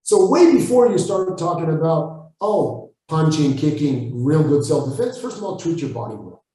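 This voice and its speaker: A man with an Israeli accent answering interview questions, blunt and forceful, swearing freely. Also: on the high side, lively intonation, normal speed. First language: Hebrew. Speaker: Krav Maga instructor, guest. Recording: echoey room, far from the mic.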